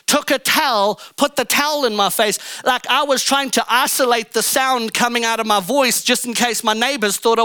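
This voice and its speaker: A bright, high-voiced pastor preaching fervently. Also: male voice, smooth, no room sound. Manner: fervent storytelling preacher, emphatic and repetitive. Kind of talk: sermon. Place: church stage.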